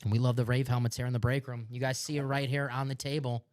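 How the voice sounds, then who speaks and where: A man's voice: medium pitch, little pitch movement, quick pace, darkish tone. A man with a Chicago accent hosting a live memorabilia break stream, upbeat and joking as he hypes items. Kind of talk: live stream sales chat.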